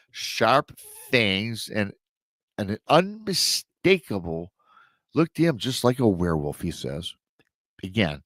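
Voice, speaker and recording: A man's voice: lowish voice, fairly bright tone, dry recording. A man hosting a show, casually retelling a listener's true encounter story with rambling asides to his audience. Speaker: host and storyteller.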